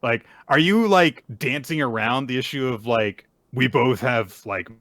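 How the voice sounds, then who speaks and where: A man's voice: mid-range voice, unhurried, no echo. A man co-hosting a podcast, recapping manga chapters in casual chat with sarcastic asides and lots of filler words. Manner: animated, sarcastic retelling with frequent "like" and "uh". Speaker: podcast co-host.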